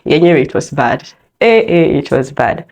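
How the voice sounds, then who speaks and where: A young woman with a Kenyan accent hosting a personal podcast, telling her own story in a candid, expressive way. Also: low-pitched, moderate pace. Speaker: podcast host.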